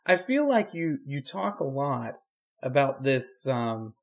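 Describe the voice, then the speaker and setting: An easygoing preacher co-hosting a podcast, he thinks out loud in a relaxed, reflective way. He drops dry, deadpan jokes into the conversation. His voice sits in a middle register for a man. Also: medium pitch, slow pace, gravelly. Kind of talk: casual chat.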